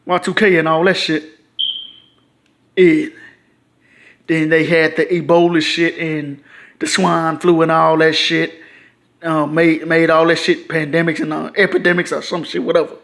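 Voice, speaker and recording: A frustrated man, ranting to camera in a loose, profane, repetitive way. His voice sits a bit high for a man, and he keeps circling back to the same points. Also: level tone, measured pace, creaky, long pauses, fairly bright tone. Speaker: YouTuber. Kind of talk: casual ranting monologue.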